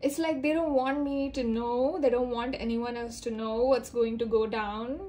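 A woman's voice: on the high side, fairly even intonation, moderate pace, dark tone. A woman giving a casual spoken tarot reading, rambling with many fillers and acting out little quoted lines. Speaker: tarot reader.

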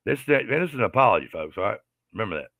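A man's voice: on the low side, very animated, very fast, creaky, fairly bright tone, no echo, clean studio sound. A man giving an aggravated, profane commentary rant, repeating himself as he complains. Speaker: livestreamer.

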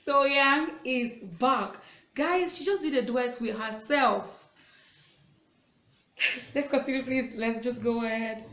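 A woman hosts a reaction video, pouring out eager, gushing praise as she talks. Her voice sits a little high. The room around her is echoey and lively. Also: unhurried, long pauses, a little hiss or hum. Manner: gushing, enthusiastic fan talk.

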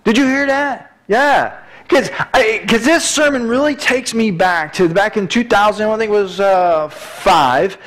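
A man's voice: high-pitched, expressive, a little slow, a bit bright, low-quality recording. A middle-aged man, preaching a conversational sermon with many restarts and asides.

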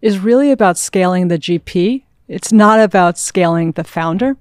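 A woman's voice: on the low side, normal speed, darkish tone, dry recording, clean studio sound. A woman guest on a podcast interview, thoughtful and agreeable, answering at length. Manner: thoughtful, agreeable, backchannels often. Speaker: venture capital partner, guest. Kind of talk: casual interview chat.

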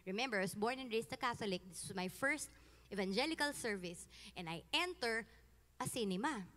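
Filipino woman, 30s, giving a testimony; lively and casual, reverberant hall. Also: on the high side, fairly quick. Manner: animated, switching between English and Tagalog, laughing often. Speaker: guest giving a faith testimony. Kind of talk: personal testimony, casual storytelling.

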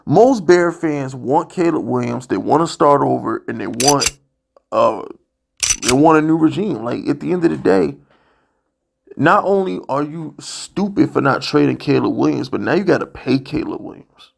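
A man's voice: a little high, animated, normal speed, vocal fry. A man ranting bluntly and profanely as a sports vlogger, exasperated and worked up. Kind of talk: heated sports rant.

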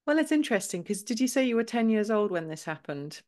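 A woman's voice: a little high, very animated, quick pace, a little mellow. A woman hosting an interview podcast, asking follow-up questions and affirming her guest. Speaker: podcast host, career coach.

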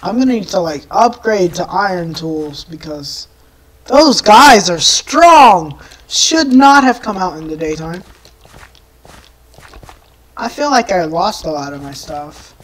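A woman giving live gameplay commentary, exasperated, often yelling and screaming at enemies, with rambling self-mocking asides. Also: fairly low pitch, lively intonation, a little slow, slight background noise. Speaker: gameplay video creator.

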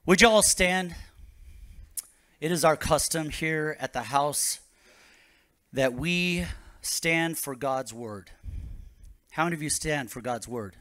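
A man's voice: a little high, slow pace, long pauses, bright, forceful tone, no room sound. A man, a pastor, preaching a sermon to his congregation with rising bursts of energy.

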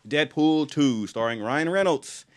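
A man's voice: a little high, lively intonation, measured pace. A man co-hosting a casual film podcast, talking enthusiastically with lots of fillers and restarts. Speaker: podcast co-host.

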